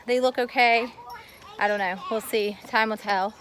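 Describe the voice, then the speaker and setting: A woman's voice: fairly high pitch, fairly even intonation, normal speed. Woman, casual vlogger; rambling, friendly garden walk-through shot on a phone outdoors, light outdoor noise behind. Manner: chatty, rambling, talks to kids and dog while filming. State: a little out of breath from walking. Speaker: homestead vlogger giving a garden tour. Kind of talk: casual walking garden tour. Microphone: phone camera held while walking.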